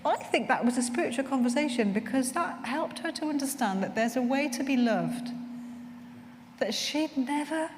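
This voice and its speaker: A woman chaplain giving a conference talk, reflective and gentle, telling personal stories to fellow chaplains. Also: high-pitched, animated, normal speed, slight background noise. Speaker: chaplain trainer. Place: conference hall. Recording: long reverb in a large hall.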